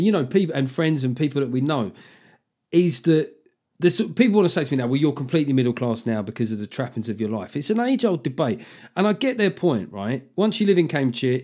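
A man's voice: medium pitch, lively intonation, fast talker, a little mellow. A man hosts a casual podcast. He rambles, swears freely and pokes fun at himself as he goes. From South London, England. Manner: rambling, sweary, self-deprecating. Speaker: podcast host.

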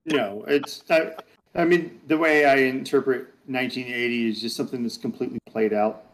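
A man's voice: mid-range voice, fairly even intonation, moderate pace, slight background noise, low-quality recording. A man co-hosting a casual podcast chat, rambling and correcting himself as he goes. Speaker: podcast co-host.

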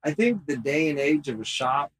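Profane, laid-back podcast host, fairly high. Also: male voice, expressive, moderate pace, rough recording. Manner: profane, laid-back storyteller acting out quotes. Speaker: podcast host and tattoo artist. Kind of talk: casual podcast chat. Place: workshop.

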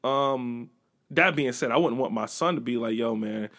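A young man from Buffalo, co-hosting a podcast in casual chat, an animated storyteller who acts out quotes and swears freely. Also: mid-range voice, moderate pace. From Buffalo, New York. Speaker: podcast co-host.

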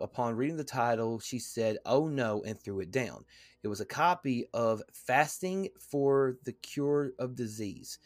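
A man hosting a podcast, reading a text aloud in a halting way, with fillers and stumbles. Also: medium pitch, darkish tone, no echo. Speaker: podcast host.

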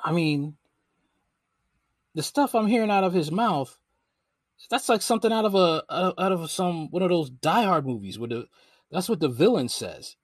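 A man's voice: sits high, lively intonation, normal speed, long pauses, dry recording, clean studio sound. A man giving casual reaction commentary, incredulous and slangy in his delivery. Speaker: commentary host.

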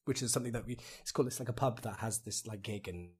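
Welsh male actor, guest on a casual podcast, slightly breathy voice, restless and chatty. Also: lowish voice, fast. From Wales. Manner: animated, rambling, laughs often, tries out accents.

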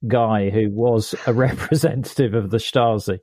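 A man hosting an interview podcast, speaking in a halting, slow way. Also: fairly low pitch, steady tone, a little mellow, no echo, studio quality. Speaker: podcast host.

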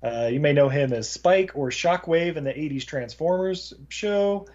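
Brief: male podcast host, joking and quick with film credits, slightly high voice, dull lo-fi audio. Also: darkish tone. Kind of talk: casual movie chat. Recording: dull lo-fi sound.

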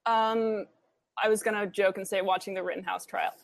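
A woman with an upper Midwestern accent, a podcast guest from the DC area, talking casually and haltingly with many fillers. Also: mid-range voice, fairly even intonation, vocal fry, no echo, studio quality. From Washington D.C. area.

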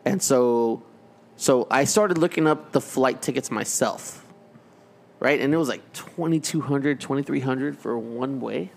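A man's voice: medium pitch, unhurried, vocal fry. Profane man telling a story. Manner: profane storyteller, repeats words when restarting. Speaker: podcast co-host. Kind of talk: casual podcast banter.

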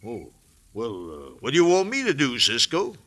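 An actor playing a wary, grieving rancher who talks in an expressive drawl, in 1940s radio acting. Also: male voice, mid-range voice, moderate pace.

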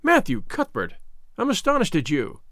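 A man's voice: high voice, wildly swooping pitch, moderate pace, fairly bright tone, dry recording, heavily acted. Strict, dry-witted spinster, voiced by a man, clipped and stern. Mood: indignant. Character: stern dry middle-aged spinster woman.

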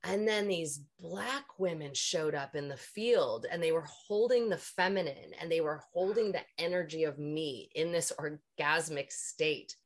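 A woman with a notably low, deep voice speaks as a podcast guest. She tells a spiritual healing story candidly and at length, rambling and cursing without restraint. She sounds like an energy healer talking openly about her own experience. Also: measured pace, hardly any pauses. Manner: frank, swears freely, rambling.

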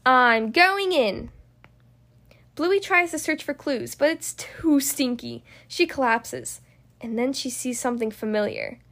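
A woman hosting a podcast, reading a children's storybook aloud in a friendly, expressive way. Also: high-pitched, measured pace. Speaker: podcast host and storybook reader.

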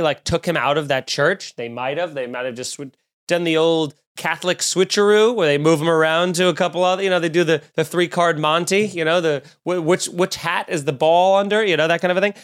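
A man's voice: high voice, fairly bright tone. A young man co-hosting a casual comedic chat, riffing sarcastically and animatedly with profanity and mock voices. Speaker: podcast co-host.

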